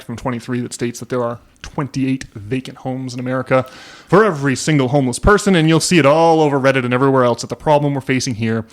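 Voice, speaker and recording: A man hosting a podcast in casual chat, rambling with frequent restarts and tag questions. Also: mid-range voice. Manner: rambling, many restarts and "right?" tags. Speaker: podcast host.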